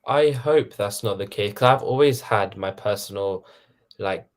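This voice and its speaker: A man talking as a guest in a casual livestream chat, halting and repeating words, with frequent "you know". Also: fairly low pitch.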